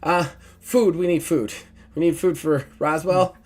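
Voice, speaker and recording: A game master voicing Lila, a nervous, awkward young woman with a squeaky, cracking voice. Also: steady tone, measured pace, a little mellow.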